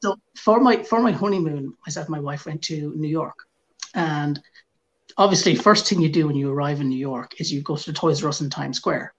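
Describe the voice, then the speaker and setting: A man's voice: fairly high pitch, fairly quick. A man with an Irish accent on a podcast, telling a casual anecdote and acting out the quotes. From Ireland. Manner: animated anecdote teller, acts out shouted quotes. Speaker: podcast co-host. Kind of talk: casual storytelling.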